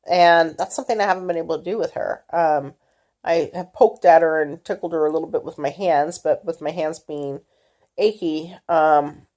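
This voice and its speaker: A middle-aged woman telling her own health story in a casual vlog, candid and halting, with many fillers and restarts. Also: fairly low pitch, warm tone. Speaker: vlogger.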